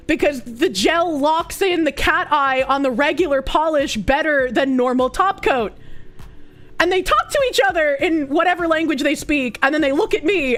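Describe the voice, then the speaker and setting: A young woman streamer telling a story in casual chat, animated and profane, laughing often and acting out what others said. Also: sits high.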